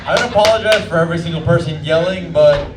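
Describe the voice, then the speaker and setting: A man from Mexico doing a brash, trash-talking stand-up set in a fairly high voice. The mic catches him from a distance. The club is echoey, with noise hanging in the room. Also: quick pace. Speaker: stand-up comedian. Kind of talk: stand-up routine. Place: comedy club stage.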